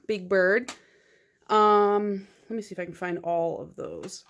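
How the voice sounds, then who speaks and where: Chatty casual woman vlogger. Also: medium pitch. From United States. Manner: chatty, rambling, filler-heavy. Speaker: nail polish vlogger. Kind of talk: casual vlog chat.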